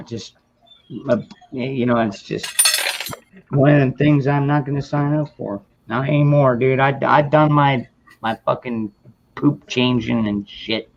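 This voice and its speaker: A man's voice: mid-range voice, steady tone, measured pace, vocal fry, muffled recording. A man in casual podcast chat, blunt and full of swearing. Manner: blunt, profane.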